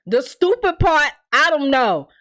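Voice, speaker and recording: Animated, blunt woman recapping TV. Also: sits high, slow. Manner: animated, blunt and profane, laughs often. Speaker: TV recap host. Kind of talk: casual TV recap.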